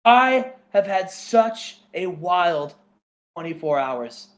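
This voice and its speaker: A man's voice: sits high, sing-song, slow, heavily acted. A man voicing a triumphant masked wrestling champion, speaking in a raised, earnest promo voice. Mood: heartfelt.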